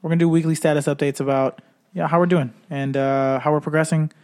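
A man's voice: a little high, little pitch movement, fast, darkish tone. A man hosting a casual sports podcast, laid-back and full of filler words. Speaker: podcast host.

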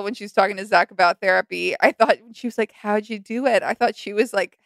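A young woman co-hosting a casual comedic chat, giggly and playful, with vocal fry. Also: medium pitch, no echo. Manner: giggly, quick to laugh, playful. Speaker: podcast co-host.

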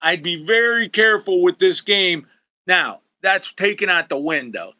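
A man's voice: high-pitched, lively intonation, unhurried, lo-fi sound, background noise. A man putting on a folksy Pittsburgh yinzer character with an exaggerated drawl, giving betting picks on a sports show. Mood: know-it-all. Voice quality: exaggerated regional drawl with a growl on some words.

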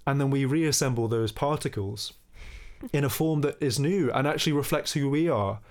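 A young man, a musician guest, telling a story in relaxed conversation and singing short bits of melody as he goes. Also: medium pitch, moderate pace. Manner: animated, sings snippets of melody while telling the story.

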